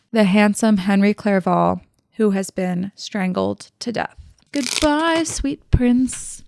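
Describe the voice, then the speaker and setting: Chatty woman host with a gravelly voice. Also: mid-range voice, dry recording, clean studio sound. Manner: chatty and irreverent, slangy asides. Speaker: podcast host. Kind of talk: casual book-report retelling.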